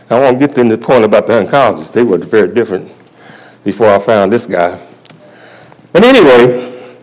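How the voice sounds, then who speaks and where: A man's voice: medium pitch, darkish tone, poor audio. A male church elder giving a sermon testimony at a convocation, telling his story in a folksy way and chuckling often.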